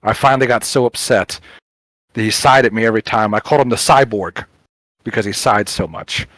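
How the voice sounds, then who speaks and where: A middle-aged man co-hosting a chat show, telling an animated story, acting out quotes and swearing casually. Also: fairly low pitch, brisk, dry recording, low-quality recording. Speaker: podcast co-host.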